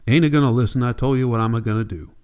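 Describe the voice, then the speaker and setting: A man reading the part of a stubborn, cranky old grandfather farmer with a gruff, defiant rural drawl. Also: mid-range voice, racing, a little mellow, lightly acted.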